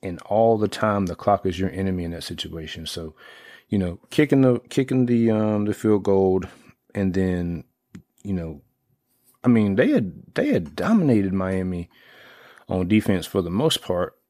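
A middle-aged man in casual sports talk, rambling with lots of fillers and restarts, getting excitable as he retells plays. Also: low-pitched, a little slow, no echo, studio quality.

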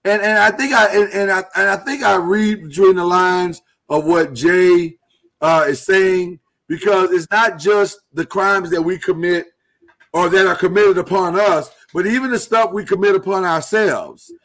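A man hosting a live talk show, speaking earnestly and haltingly while he holds back emotion. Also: sits high, a bit bright. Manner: earnest, halting, with many restarts. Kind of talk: casual live-stream talk.

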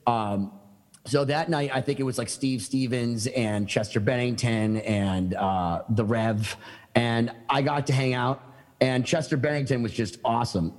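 A man's voice: mid-range voice, moderate pace, in a large hall. A man telling stories as a podcast guest, eager and rambling, with many fillers and restarts. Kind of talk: casual storytelling chat.

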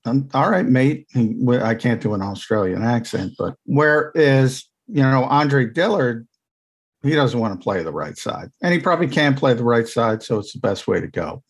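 A man of medium pitch talks through football in a relaxed podcast chat. He is an insider who explains each point in chatty runs, with quick asides along the way. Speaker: team insider analyst. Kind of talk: casual podcast analysis.

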